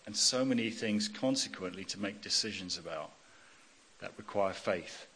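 A man's voice: low-pitched, moderate pace, a bit bright, slightly rough. Middle-aged man preaching in a hall. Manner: personal testimony, emphatic repetition, frequent "okay?". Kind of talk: sermon. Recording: long hall reverb.

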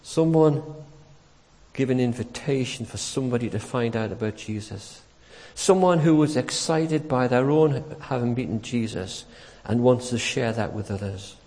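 A man delivers a sermon in a church, his voice sitting at an ordinary middle pitch. He tells the story with animated emphasis and acts out the quotes. A long reverb from the hall trails after his words. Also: normal speed. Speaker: preacher.

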